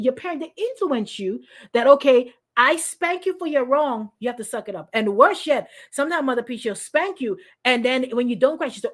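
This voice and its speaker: A woman pastor with a high voice talks her way through a sermon as if chatting with friends. She is animated and lively, calls out to people in the room by name, and keeps stopping and restarting her sentences. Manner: animated, lively, acts out quoted voices, addresses congregants by name; frequent restarts and repetitions. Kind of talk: conversational sermon.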